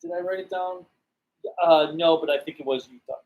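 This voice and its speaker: A co-host on a casual fan discussion livestream, teasing and quick with banter. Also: medium pitch, steady tone, darkish tone, reverberant, rough recording. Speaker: podcast co-host.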